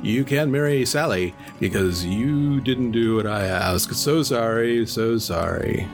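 A man's voice: mid-range voice, slow pace, soft background music. A man voicing a blustering middle-aged employer who stammers and hedges. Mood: flustered. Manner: stammering, hedging.

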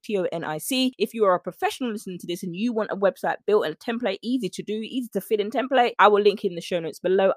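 Brief: woman, solo podcast host, lively pitch swings, dry close sound. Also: dry recording. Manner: chatty, animated, rambling with asides. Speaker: podcast host, nutrition coach.

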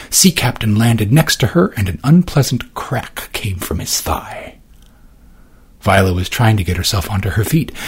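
A man's voice: medium pitch, husky. A man giving dramatic scripted narration of a novel as an audiobook narrator. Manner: dramatic, swinging delivery.

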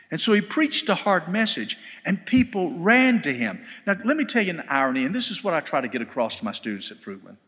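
Animated male Bible teacher in a church hall. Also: a little high, brisk, hardly any pauses. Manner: animated storytelling, shouting quoted lines. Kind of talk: sermon-style Bible lecture. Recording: live church hall recording with long reverb.

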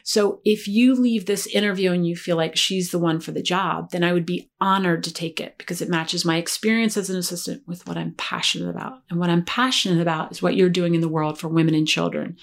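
A woman guest telling a story in conversation, lively and acting out the dialogue she quotes. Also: lowish voice, a little fast, vocal fry, few pauses.

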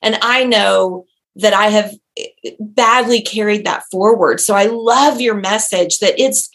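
A woman's voice: mid-range voice, fairly bright tone. A woman in a mid-range voice hosts an interview conversation. She affirms her guest and reflects thoughtfully on what she has heard.

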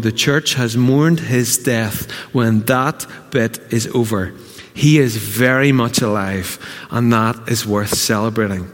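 Man, Northern Irish accent, passionate sermon, mid-pitched voice, long hall reverb. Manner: impassioned, shifting from loud exclamations to hushed asides. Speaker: pastor. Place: church hall.

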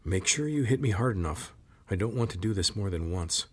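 A man's voice: fairly low pitch, expressive, brisk, slightly rough. A man voicing a trapped young man who gives urgent, short orders in a storybook reading.

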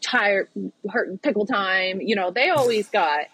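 A woman's voice: medium pitch, animated, a little slow, a bit bright, slightly rough, low-quality recording. A woman guest on a podcast, chatting casually and animatedly, often laughing. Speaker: podcast guest, pickleball player. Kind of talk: casual chat.

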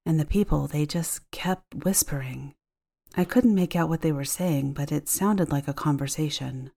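A woman voicing a sick, sleepy homeowner who is uneasy and lonely, speaking softly and hesitantly. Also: deep voice, moderate pace, gravelly. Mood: uneasy, hushed. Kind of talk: audiobook character voice.

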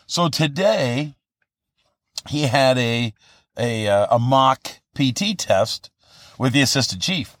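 A man's voice: mid-range voice, animated, slow, pauses often, a bit bright, no echo, studio quality. A man in his fifties hosting a podcast, telling a personal story in a casual motivational monologue, earnest and rambling with many restarts. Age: 50s. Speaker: podcast host.

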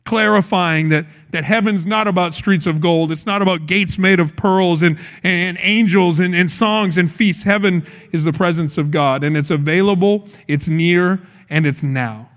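A man's voice: high-pitched, normal speed, hardly any pauses, a bit bright. A man preaching a sermon with feeling, acting out the quoted lines as he goes. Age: adult, recalls his childhood. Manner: earnest, acts out quotes with shifts in voice. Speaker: pastor.

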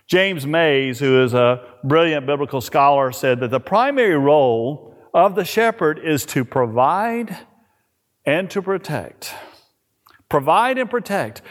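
A middle-aged male pastor preaching a sermon, slowing and dropping his voice on key words. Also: a little high. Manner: expressive preaching, slows and drops on key words. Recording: long hall reverb.

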